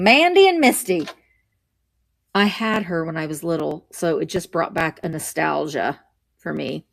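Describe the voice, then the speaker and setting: A woman's voice: fairly low pitch, fairly bright tone. A middle-aged woman hosting a casual live stream from home, rambling cheerfully as she greets viewers and shows vintage finds from her shelves. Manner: chatty, rambling, greets viewers while showing items.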